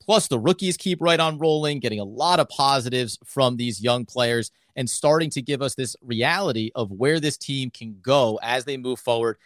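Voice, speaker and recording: A man's voice: mid-range voice, fairly bright tone, no room sound, clean studio sound. A man co-hosting a casual sports podcast, with upbeat, hype-style delivery. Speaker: podcast co-host.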